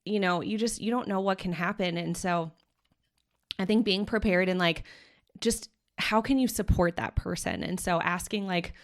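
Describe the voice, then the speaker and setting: A young adult woman hosting a podcast interview, talking in an empathetic, conversational way and often murmuring soft agreement while her guest speaks. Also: fairly low pitch, normal speed. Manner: empathetic, frequent soft backchannel affirmations. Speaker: podcast host.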